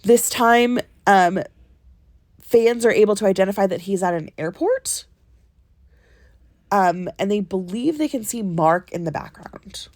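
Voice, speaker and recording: A woman's voice: medium pitch, animated, measured pace, long pauses, darkish tone, no room sound, clean studio sound. Stuffy-nosed woman walking through a timeline. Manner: recounts a timeline step by step, checking in with "okay?" and "right?". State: stuffy nose from a cold. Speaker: podcast co-host. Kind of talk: casual podcast chat. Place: ship cabin on vacation. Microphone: phone recording.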